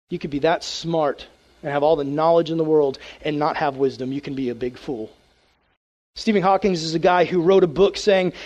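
A man, a youth pastor, preaching a casual, animated sermon to teens and acting out prayers in a hushed voice. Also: a little high.

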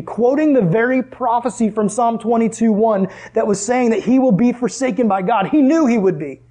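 A man preaching a sermon in a conversational way, asking the room questions and dropping to hushed tones for emphasis. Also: very high voice, moderate pace, few pauses.

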